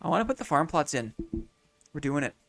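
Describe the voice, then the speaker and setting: A man's voice: on the high side, sing-song, a little fast, gravelly, soft background music. A man streaming a city-building game, thinking aloud in casual commentary, repeating his own phrases and chatting to viewers between moves.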